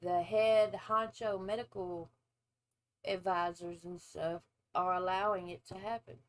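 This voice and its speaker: A woman's voice: fairly low pitch, fairly even intonation, poor audio. A woman in her forties, a former nurse, hosting a casual reaction video and giving her opinions bluntly. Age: 40s. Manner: blunt, opinionated, drawn-out asides.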